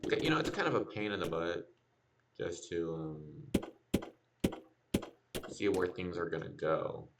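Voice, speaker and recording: Low gravelly dude streaming a build, rambling, thinking out loud, mic far away, loud noise behind. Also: male voice, big pitch swings, a little slow, pauses often. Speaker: game streamer. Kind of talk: casual gameplay commentary.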